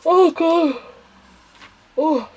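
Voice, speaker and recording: A woman's voice: very high voice, very slow, warm tone, slight background noise. A young woman chatting casually about cross stitch designs, tired and yawning, rambling with small laughs. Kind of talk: casual chat.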